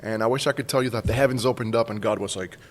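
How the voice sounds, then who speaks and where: A man's voice: on the low side, racing. A man in his forties, originally from Cuba, casually telling a personal story as a podcast guest. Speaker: school staff guest. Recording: long hall reverb with faint noise.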